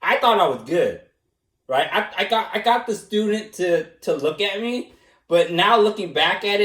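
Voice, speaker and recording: A man being interviewed, speaking casually, animated and self-mocking, laughing often and slipping into impressions. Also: high voice, normal speed. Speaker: interviewee, former student. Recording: echoey room, mic at a distance.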